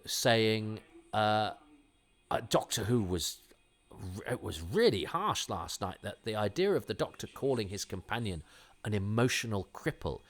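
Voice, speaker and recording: Middle-aged male podcast host, low-pitched, chatty and rambling, restarts a lot. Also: fairly bright tone. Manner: rambling and enthusiastic, with many restarts. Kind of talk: casual conversational commentary.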